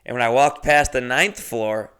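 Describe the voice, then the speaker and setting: A man's voice: medium pitch, moderate pace, a bit bright, clean tone. A man telling a casual, rambling story in a profane, jokey way. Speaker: podcast host telling a story.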